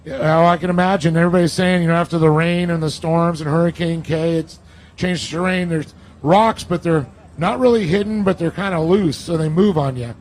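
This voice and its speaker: At a live off-road racing event, a man with a voice high for a man interviews drivers one after another, keeping the energy up throughout. He's energetic and hyped, cheering the drivers on at a brisk pace. The interviews were recorded outdoors at the event, and the recording quality is low.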